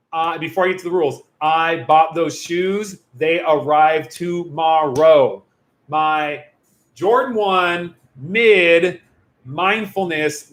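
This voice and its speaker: A young youth pastor hosting a casual livestream, talking in a goofy, rambling way full of jokey asides. His voice sits a little higher than most men's. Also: a bit bright, reverberant.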